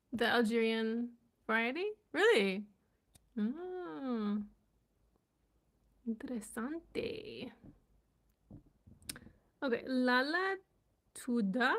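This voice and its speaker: Woman, language vlogger, casual unhurried chat, slightly high voice, halting and self-amused as she tries new words. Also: fairly bright tone. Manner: curious, sounding out words haltingly, laughing at herself. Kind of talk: casual live reading and chat.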